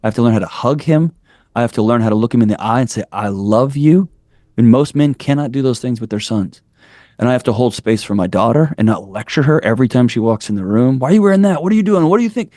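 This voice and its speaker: A fast-talking man in his forties appears as a podcast guest, his mellow mid-range voice captured at studio quality without echo. Candid and blunt, he tells interview stories and builds each point with the zeal of a preacher.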